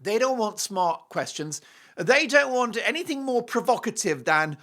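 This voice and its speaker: A man's voice: sits high, big pitch swings, a little slow, a bit bright. A man hosting a talk show, delivering a sarcastic, mocking opinion monologue with theatrical outbursts.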